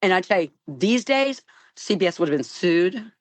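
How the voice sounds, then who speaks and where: Older actress guest, low-pitched and dry-miked, animated anecdotes full of laughs. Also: female voice, normal speed, no echo. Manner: animated, laughs often, restarts. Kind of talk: storytelling interview.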